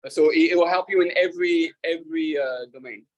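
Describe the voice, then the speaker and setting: A man, a rabbi, talking casually to an audience, halting with fillers and restarts and laughing at his own jokes. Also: fairly high pitch, rough recording.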